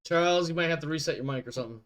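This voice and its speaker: Game master guy on a voice call, kinda high voice, rambles and fixes his own words a lot. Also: very fast, fairly bright tone. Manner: rambling and self-correcting. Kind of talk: running an online tabletop game.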